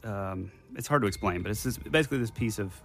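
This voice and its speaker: A man's voice: fairly low pitch, fast, faint music behind. A young adult man telling a personal story casually to a host, with a rambling, detail-heavy delivery full of restarts.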